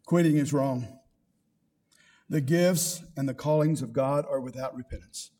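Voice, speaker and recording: A man's voice: mid-range voice, measured pace, dark tone. An older man, a pastor, preaching a sermon with rising emphasis and quoted scripture.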